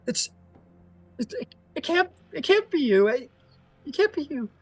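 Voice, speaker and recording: A man voicing a frightened fae woman who pleads in a high, desperate, wailing voice. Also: sing-song, measured pace, dry recording, exaggerated voice. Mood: terrified.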